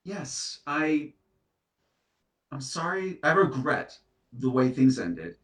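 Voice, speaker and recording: A guilt-ridden heartbreaker, played by a man stammers and flusters through apologies in a comedy sketch, speaking slowly with big swoops in pitch. His bright voice sounds distant, in an echoey room. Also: sing-song. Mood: flustered. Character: guilt-ridden serial dumper facing an ex's ghost.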